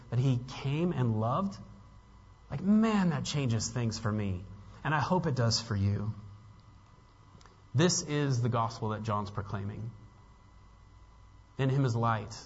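Husky-voiced preacher in an echoing hall. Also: male voice, medium pitch. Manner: earnest, building to emphatic peaks; casual asides to the congregation. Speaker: pastor. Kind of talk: sermon. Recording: dull lo-fi with long hall reverb.

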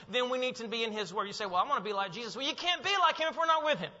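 A male pastor preaching a sermon in a church, moving from hushed reflection to emphatic, rising delivery. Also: very high-pitched, expressive, very fast, few pauses. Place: church sanctuary. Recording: muffled sound with long hall echo.

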